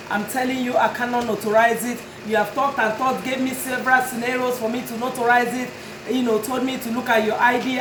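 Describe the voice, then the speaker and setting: High-voiced lady begging her customers to be patient, firm, echoey room w/ a bit of background hiss. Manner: earnest, pleading and firm. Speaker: notary and tag and title business owner. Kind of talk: direct-to-camera talk to customers.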